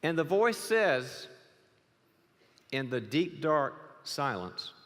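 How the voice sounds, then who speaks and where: A man's voice: on the high side, very animated, slow pace, fairly bright tone. Joking man in an echoing hall. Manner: joking storyteller. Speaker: guest speaker. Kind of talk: humorous church talk. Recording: reverberant church hall.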